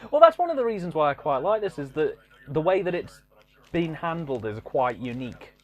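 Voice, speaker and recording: A man's voice: a little high, big pitch swings, brisk, dull audio. A man hosting a casual film commentary, chatting in a dry, wry way. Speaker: host of a film review channel.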